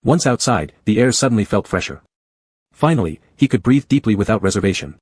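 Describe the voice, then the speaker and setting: A man narrating a story in a steady, scripted reading. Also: fairly low pitch, brisk, slightly rough, no echo, studio quality.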